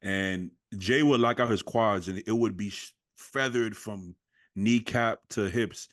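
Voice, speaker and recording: A man with a lowish voice chatting casually on a podcast. He works through his points slowly, thinking aloud with small restarts. The sound is dry and close. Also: a bit bright, dry recording. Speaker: podcast co-host. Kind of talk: casual chat.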